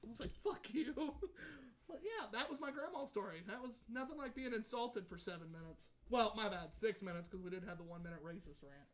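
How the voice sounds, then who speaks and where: A man's voice: sits high, brisk, a bit bright, slight background noise. Man telling a story on a podcast. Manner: storytelling, swearing, laughing often. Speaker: podcast co-host. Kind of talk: casual chat.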